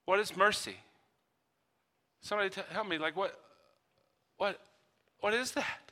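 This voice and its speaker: Male preacher as a confused angel, stammering questions, high and sharp. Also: big-room sound. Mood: baffled. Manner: halting, incredulous questions. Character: baffled angel puzzling over mercy.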